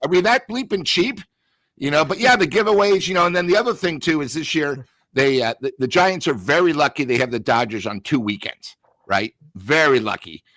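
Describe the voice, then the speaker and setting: A man's voice: on the high side, animated, brisk, fairly bright tone, no room sound. A man giving blunt, ranting sports talk, telling stories with quoted back-and-forth. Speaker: sports talk show regular. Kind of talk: heated casual sports talk.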